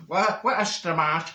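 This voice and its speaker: A man's voice: high voice, pushed and bright, full character voice. A man voicing a chatty, rambling older Scottish woman in a comic monologue, her voice leaping up in indignation. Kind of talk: stand-up character comedy. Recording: roomy echo.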